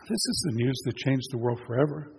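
A man preaching in a church sanctuary, telling the story in an easygoing, conversational way. His voice sits at an ordinary middle pitch. It carries a long reverb from the hall, with a faint hiss of noise underneath. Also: expressive, fairly quick, creaky, darkish tone. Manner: conversational storytelling, retelling scripture in plain words. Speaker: pastor. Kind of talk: sermon.

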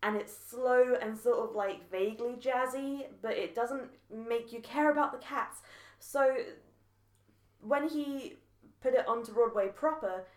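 A woman co-hosts a podcast in a casual, animated chat and laughs often. Her voice sits a little high. The room around her has a noticeable echo. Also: measured pace. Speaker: podcast co-host. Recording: echoey room.

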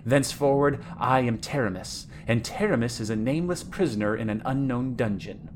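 A man's voice: mid-range voice, brisk, a little hiss or hum, lightly acted. A man voicing a cruel, scheming young witch princess in a dramatic story reading, with a gloating, mocking delivery. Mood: commanding.

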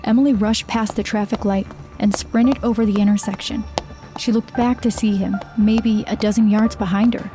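A woman reading a horror story aloud as narrator, in a steady, measured way. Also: medium pitch, music in the background.

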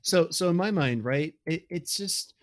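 A man's voice: a little high, lively intonation, a little slow. Earnest, frustrated podcast man. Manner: earnest, frustrated, keeps asking "right?". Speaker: podcast co-host. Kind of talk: casual chat.

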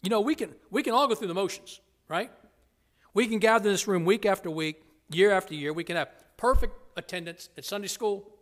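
High-voiced preacher with dramatic hushes. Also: male voice, brisk. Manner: dramatic, shifts from loud emphasis to hushed near-whispers; playful asides to the congregation. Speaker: pastor. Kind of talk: sermon. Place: church sanctuary.

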